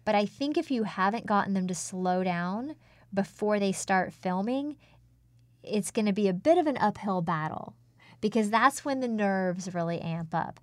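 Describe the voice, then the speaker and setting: A woman speaking coach giving measured, instructive advice in a conversational interview. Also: mid-range voice, animated, no echo.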